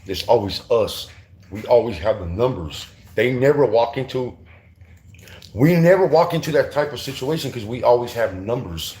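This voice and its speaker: A man's voice: medium pitch, lively intonation, moderate pace, a little mellow. A middle-aged man from Southern California recounting prison stories in casual, profane street slang, full of restarts. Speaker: former prisoner telling stories. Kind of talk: casual storytelling.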